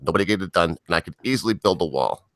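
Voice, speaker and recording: A man's voice: deep voice, expressive, rapid-fire, a bit bright, dry recording. A man putting on a brash, boastful politician voice with a New York accent, bragging and repeating himself. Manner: boastful, repetitive, blustering.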